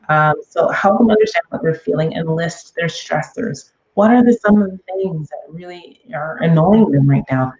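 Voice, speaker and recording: A woman's voice: fairly low pitch, moderate pace, hardly any pauses, a little mellow, highs cut off. A middle-aged woman hosting a parenting podcast, giving casual advice with lots of "okay?" and "um". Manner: chatty, frequent "okay?" and "um" check-ins.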